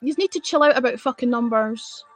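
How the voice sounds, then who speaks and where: A woman's voice: a little high, fast, no room sound, faint music behind. Sweary woman ranting on a livestream. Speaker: livestreamer chatting with viewers. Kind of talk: casual live-stream chat.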